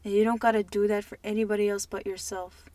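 A woman co-hosting a podcast, talking in a soft, emotional way, repeating words as she gives advice to her younger self. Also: medium pitch, level tone, quick pace, no echo. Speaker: podcast co-host. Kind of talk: heartfelt podcast chat.

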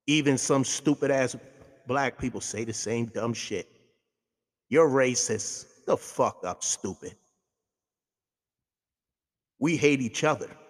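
A man's voice: medium pitch, unhurried, long pauses, in a large hall. A man, hosting a talk show and delivering a heated, profane monologue. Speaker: radio show host.

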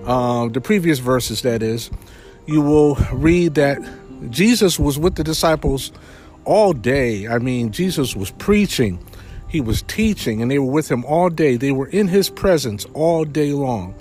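A man's voice: mid-range voice, expressive, a little slow, darkish tone, faint music behind. A man preaching a sermon in a conversational way, retelling a Bible story with frequent fillers.

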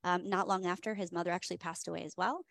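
A woman's voice: on the low side, steady tone, fast, vocal fry, a bit bright, no echo. A woman hosting a whiskey tasting, telling the story in a chatty, enthusiastic way with many fillers. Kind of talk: casual storytelling presentation.

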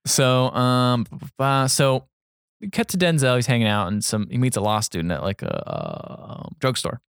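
A man's voice: medium pitch, big pitch swings, normal speed, gravelly, clean tone, dry recording, clean studio sound. A man co-hosting a podcast, casually retelling a film scene by scene and quoting its lines. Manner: rambling recap full of quoted dialogue. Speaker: podcast co-host. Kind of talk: casual movie recap chat.

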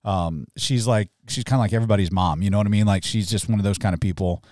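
A man's voice: fairly low pitch, fast talker, darkish tone, dry recording, clean studio sound. A man from Alabama co-hosting a church podcast, chatting casually and joking, with many fillers and restarts. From Mobile, Alabama. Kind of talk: casual chat.

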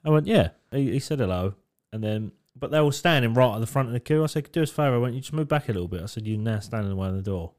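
A man's voice: mid-range voice, racing, hardly any pauses. A man co-hosting a casual podcast, telling club door stories in a sweary, joking way and acting out the voices in them. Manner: sweary storytelling, animated quotes. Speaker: podcast co-host. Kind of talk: casual chat.

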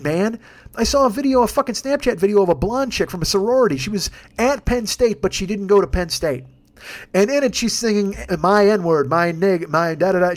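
A man hosting a podcast launches into a profane, rambling comedic rant. His voice is high for a man, and he speaks very fast.

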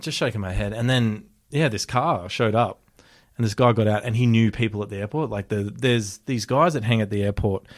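A young Australian man telling a story in casual chat, animated, swearing often and laughing as he talks. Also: lowish voice, brisk, no room sound, clean studio sound.

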